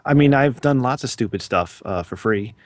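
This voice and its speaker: A man's voice: mid-range voice, expressive, normal speed, a little hiss or hum. A man in his thirties co-hosting a podcast in casual chat, with dry, teasing humor. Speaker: podcast co-host.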